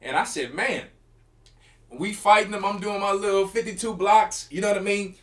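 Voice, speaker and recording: A man's voice: high-pitched, moderate pace. A middle-aged man, telling a story in casual talk and acting out the quotes and punches. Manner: animated, acts out quotes and punches with sound effects. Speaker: church elder.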